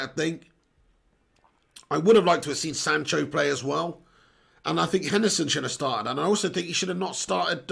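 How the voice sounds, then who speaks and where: Brief: young English man hosting a live football watch-along, blunt and chatty, hoarse from strep throat. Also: sits high, a bit bright. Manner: chatty, blunt, reads out viewer comments. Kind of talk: live casual commentary reading chat.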